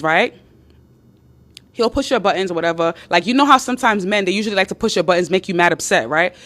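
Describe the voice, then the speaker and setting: A woman hosting a live stream, giving casual dating advice to her viewers in an emphatic, animated way, repeating herself and swearing freely. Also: medium pitch.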